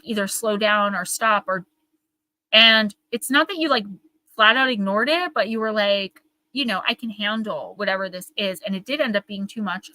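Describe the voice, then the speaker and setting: A woman's voice: medium pitch, pushed and bright, no echo, poor audio. A young woman hosting a live oracle card reading, talking in a rambling, earnest, emotional way. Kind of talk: live-stream card reading, casual chat. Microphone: live-stream microphone.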